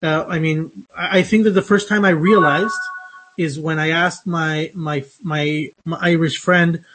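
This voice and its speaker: A man's voice: a little high, steady tone, measured pace, a bit bright, a little hiss or hum. A man teaching English phonetics in a lecture, speaking with many hesitations, fillers and restarts. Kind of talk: online lecture.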